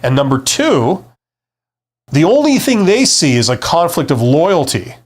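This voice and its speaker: A man's voice: on the high side, very animated, unhurried. A man hosting a live-stream Q&A, giving career advice in a conversational, emphatic way and answering viewer comments. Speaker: career advice host, former CEO.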